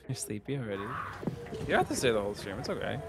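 A man's voice: mid-range voice, very animated, brisk. A man livestreaming a video game, chatting playfully with his viewers. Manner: playful, jokey, talks to chat. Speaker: streamer. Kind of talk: casual game livestream chat. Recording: game music behind. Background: game music.

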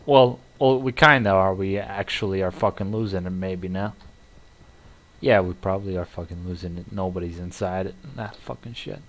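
A man giving live gameplay commentary, muttering and cursing with sudden excited outbursts. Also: low voice, moderate pace. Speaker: gamer.

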